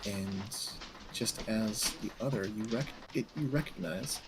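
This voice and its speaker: A man narrating a tabletop game as game master, measured and hesitant with fillers. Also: fairly low pitch, very noisy.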